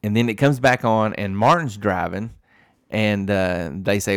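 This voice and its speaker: A man's voice: on the low side, steady tone, unhurried, no room sound. A man co-hosting a podcast, telling a long, rambling story full of restarts and fillers in a casual chat. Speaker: podcast co-host.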